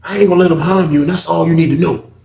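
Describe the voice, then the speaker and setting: A man's voice: a little high, fairly even intonation, vocal fry, a little mellow, pitched above the performer's own voice. A man doing a cool, unbothered inmate boss. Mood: calm. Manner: slow, cool and dismissive. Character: calm, menacing male inmate leader. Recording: echoey room.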